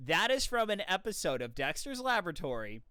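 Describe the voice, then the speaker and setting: An enthusiastic streamer tells a story in casual live-stream chat. The pitch swings widely, and the bright, clear voice carries a lot of energy. The sound is close and dry. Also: big pitch swings, a little fast, dry recording.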